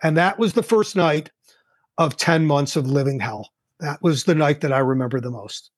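A man's voice: on the high side, moderate pace, husky, no room sound, studio quality. An older man, a guest entrepreneur, telling a personal story in a casual interview and acting out the dialogue. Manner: animated, acts out quoted dialogue.

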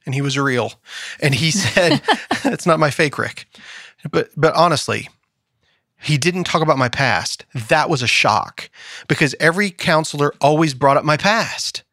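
A man co-hosting a podcast in a studio, telling personal stories in a casual, animated way and acting out what others said. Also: fairly high pitch, no echo. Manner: animated storyteller, acts out quoted voices. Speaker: podcast co-host.

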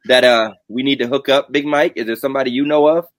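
A man hosts a casual online show in a dry, close-sounding space. He jokes with his guests and draws out his announcements. His voice sits mid-pitch and relaxed. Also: dry recording. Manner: joking, drawn-out announcements. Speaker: host. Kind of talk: casual live-stream chat.

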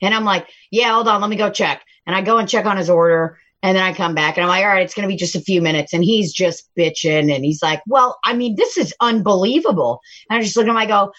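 Crude, animated woman telling stories. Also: lowish voice, fast talker, hardly any pauses, muffled recording. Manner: crude, animated storytelling with laughs and acted-out quotes. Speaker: restaurant worker telling stories. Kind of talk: casual chat among friends. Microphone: phone.

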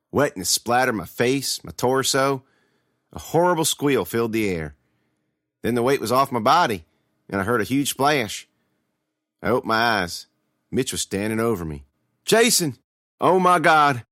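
A man's voice: mid-range voice, fairly bright tone, no room sound, studio quality. A man giving a dramatic first-person reading of a scripted horror tale. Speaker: storyteller.

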